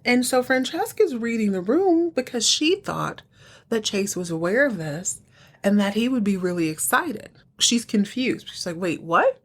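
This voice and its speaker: Chatty lady podcast host, animated casual recap, lots of asides. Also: a little high, normal speed.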